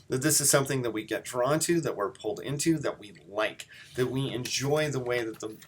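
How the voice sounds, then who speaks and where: A man's voice: mid-range voice, fairly bright tone. Man lecturing on poetry, thinking aloud. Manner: thinking aloud, frequent restarts and fillers, reads passages aloud. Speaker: teacher.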